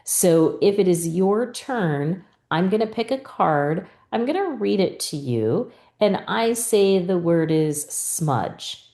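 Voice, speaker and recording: A woman's voice: lowish voice, lively intonation, takes it slowly, few pauses, mellow, roomy sound. A woman teacher patiently explaining a spelling rule, acting out the questions she asks students. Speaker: reading teacher trainer. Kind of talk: instructional explanation.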